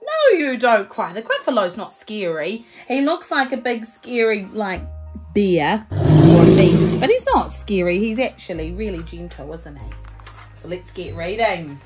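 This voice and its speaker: A woman's voice: medium pitch, normal speed, over music. A woman with a New Zealand accent, cheerfully reading a children's book aloud to her child. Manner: cheerful and animated, speaking to a child.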